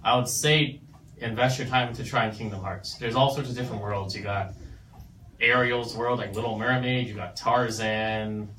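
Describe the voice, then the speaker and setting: A man's voice: mid-range voice, fairly even intonation, moderate pace, sharp tone. A man in his twenties co-hosting a casual radio chat show, laid-back and rambling. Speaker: radio co-host. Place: small radio studio. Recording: roomy studio sound, mic at a distance, faint noise.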